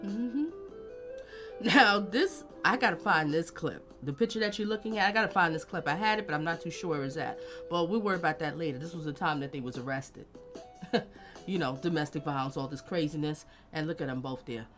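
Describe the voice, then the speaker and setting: A woman's voice: low-pitched, brisk, soft background music. A woman hosting a casual live-stream commentary, talking bluntly and directly to her viewers. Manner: blunt, animated, talks straight to viewers.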